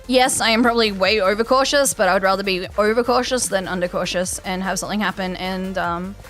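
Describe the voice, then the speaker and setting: A woman's voice: mid-range voice, fast, fairly bright tone, faint music behind. An Australian woman streamer chatting casually with her live viewers, rambling with plenty of fillers and restarts. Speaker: game streamer.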